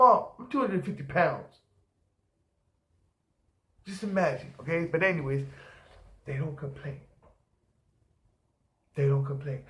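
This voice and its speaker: A man's voice: mid-range voice, fairly bright tone. A man telling rambling, profane stories in casual chat, acting out other people's voices as he goes. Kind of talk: casual storytelling. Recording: echoey room.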